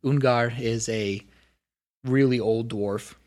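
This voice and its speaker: A man's voice: mid-range voice, steady tone, slow, darkish tone. A man running a tabletop game as game master, narrating casually with lots of filler words.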